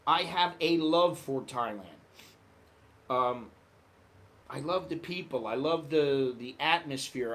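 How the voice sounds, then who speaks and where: A middle-aged American man telling travel stories in a casual vlog monologue, acting out quoted voices. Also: mid-range voice. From United States. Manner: animated, acts out quoted voices. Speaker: vlogger.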